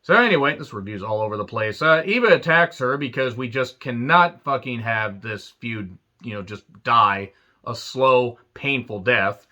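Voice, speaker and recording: A man's voice: medium pitch, animated, normal speed, sharp tone. Sarcastic, profane man ranting. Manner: sarcastic, crude jokes, frequent swearing. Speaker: wrestling show reviewer.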